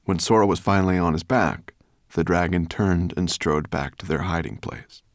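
A man narrating a story in an expressive, dramatic way. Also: sits low, normal speed, dry recording, clean studio sound. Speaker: audiobook narrator. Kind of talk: scripted narration.

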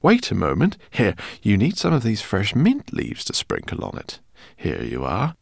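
This exaggerated performance has a man in a lowish, creaky, slightly rough voice with wildly swooping pitch and a moderate pace. He plays a kindly, bookish, middle-aged male professor, a fussy host who is genial, courteous, rambling and a little embarrassed. The studio-quality audio has no echo.

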